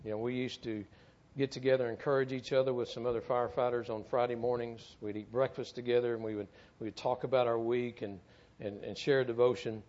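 A man's voice: mid-range voice, level tone, brisk, a little mellow, muffled recording. A middle-aged man tells a story in a sermon, speaking earnestly and often repeating words as he goes. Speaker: church speaker, former firefighter.

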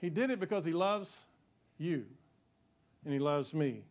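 A man preaches from the pulpit. His voice sits a little high and swings widely, moving from easy, chatty asides to emphatic, rising peaks. He talks to the congregation directly, the way a pastor does. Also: animated, measured pace, pauses often, a little mellow. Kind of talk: sermon.

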